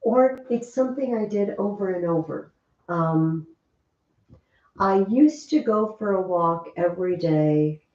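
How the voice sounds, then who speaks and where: A woman teaching a Latin class, chatty and lively, often asking the students questions. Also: on the low side, a little slow. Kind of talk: classroom lesson. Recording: distant, roomy, dull classroom recording.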